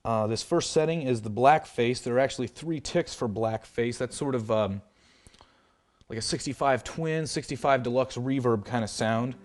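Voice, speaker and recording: A man's voice: mid-range voice, normal speed. A man giving a casual product demonstration of a guitar amplifier, explaining settings loosely with frequent fillers and hedges. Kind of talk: casual product demo walkthrough.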